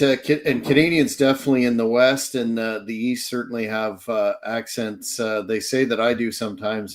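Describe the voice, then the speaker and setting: Halting male podcast host. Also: medium pitch. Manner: halting, many fillers. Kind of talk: casual interview questions.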